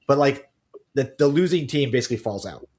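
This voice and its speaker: A man's voice: medium pitch, animated, brisk, darkish tone. A man hosting a cybersecurity podcast in casual chat, joking and often repeating words as he starts a sentence. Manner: chatty, jokey, repeats words when starting. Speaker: podcast host.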